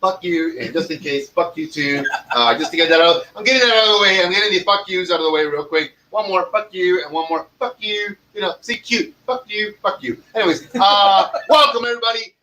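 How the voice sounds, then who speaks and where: A podcast host with a bright, forceful, high-sitting voice talks briskly with few pauses. He cracks profane jokes and ribs his co-hosts in brash, casual comedic banter. His voice is slightly distant from the mic.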